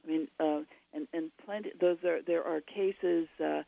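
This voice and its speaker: Gravelly woman explaining on radio. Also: low voice, fairly even intonation, normal speed, dry recording, highs cut off. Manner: long, digressive explanations. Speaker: guest author.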